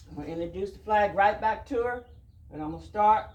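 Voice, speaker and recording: Soft-spoken man hushing a horse. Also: high-pitched, fairly quick, echoey room. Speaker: horse trainer. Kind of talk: casual training commentary. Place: outdoors at a horse pen with farm birds.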